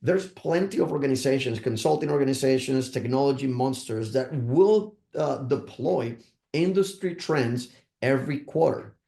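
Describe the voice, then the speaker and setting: A man's voice: medium pitch, normal speed, creaky, dark tone, echoey room. A man from Puerto Rico, a podcast guest, talking thoughtfully and laying out his advice point by point, with many restarts. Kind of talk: podcast interview.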